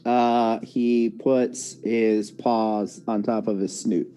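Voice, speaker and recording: A man's voice: on the low side, level tone, very slow, dark tone, smooth. A man running a tabletop game as dungeon master, casual and joking, with lots of fillers. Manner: casual, joking, rules explanations with many fillers. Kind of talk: narrating a tabletop game over voice chat.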